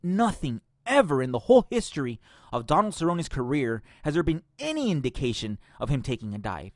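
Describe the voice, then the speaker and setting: A man's voice: on the high side, very animated, brisk, no room sound, clean studio sound. A man hosting a podcast, ranting casually and profanely with strong opinions. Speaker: podcast host.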